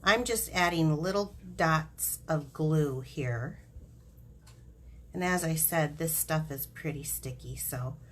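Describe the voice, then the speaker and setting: A woman's voice: low-pitched, slow, fairly bright tone. A woman hosting a live craft demonstration, chatty and giggly, explaining each step as she works.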